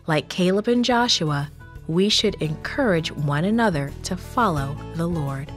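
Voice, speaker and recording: A woman reading a Bible story for children in a slow, measured, gentle manner. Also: lowish voice, lively intonation, music in the background.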